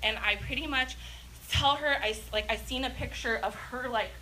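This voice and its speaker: This is a woman delivering an excited prophetic message in church. Her voice sits high and bright. She rambles happily, with plenty of fillers and frequent laughter. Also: normal speed, a little hiss or hum. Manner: excited and passionate, laughing often; chatty, many fillers. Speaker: church speaker.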